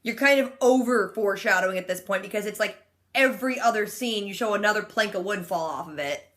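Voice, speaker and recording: With a medium-pitched, fairly bright voice and a slightly fast pace, this twentysomething woman vlogger chats through a TV episode recap. She's sarcastic and packs her talk with "like".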